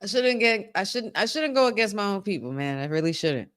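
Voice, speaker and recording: A woman hosting a live watch-along stream, reacting excitedly to the action and talking to her viewers. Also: medium pitch, fairly quick, clear, resonant tone.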